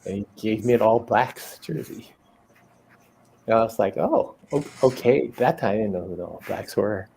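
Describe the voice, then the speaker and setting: A man's voice: lowish voice, moderate pace, creaky, a little mellow, a little hiss or hum, rough recording. A man telling a rambling story in casual chat among artists, laughing as he goes. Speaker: artist on a drawing livestream.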